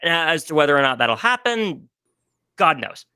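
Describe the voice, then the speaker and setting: A man with a bright, clear voice chatting on a podcast, gushing and emotional, often stumbling and restarting. The sound is dry and close, with no room in it. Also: fairly high pitch, big pitch swings, normal speed, dry recording. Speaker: podcast guest. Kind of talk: casual podcast chat about video games.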